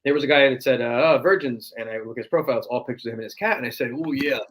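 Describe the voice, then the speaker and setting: A man's voice: mid-range voice, very fast, a bit bright, poor audio. Joking man with a brash wrestler drawl. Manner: keeps slipping into a brash wrestler-impression drawl. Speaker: podcast guest, impersonator. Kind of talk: casual interview chat.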